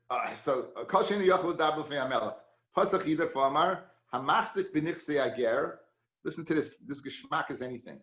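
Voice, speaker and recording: A man teaches a Talmud class in a chatty, storytelling way, mixing Hebrew and Yiddish words into his English. His voice sits fairly high. The recording sounds dull and lo-fi. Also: fairly bright tone, echoey room.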